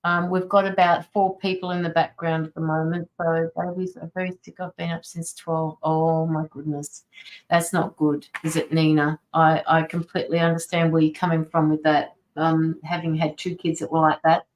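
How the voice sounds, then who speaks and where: A woman's voice: low voice, level tone, normal speed, low-quality recording. A woman tarot reader and medium, chatting casually on a livestream from her home studio, sympathetic and greeting viewers by name.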